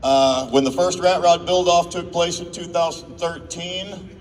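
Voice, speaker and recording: A man's voice: a little high, unhurried, slight background noise. A man giving an emotional, rambling, off-the-cuff award speech in a large event hall. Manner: emotional, rambling, self-interrupting. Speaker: awards presenter. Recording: distant mic in a reverberant hall.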